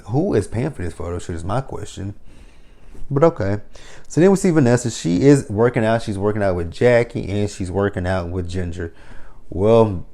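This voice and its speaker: A man's voice: fairly low pitch, lively intonation, measured pace, warm tone. Sarcastic man recapping a TV episode. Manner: sarcastic, profane running commentary. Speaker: TV episode reviewer.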